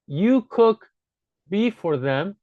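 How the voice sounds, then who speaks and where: A man's voice: sits high, animated, extremely slow, a little mellow, dry recording. A man giving a casual spoken grammar lesson as a language teacher, patiently repeating his points to drive them home. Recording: dull, dry lo-fi recording.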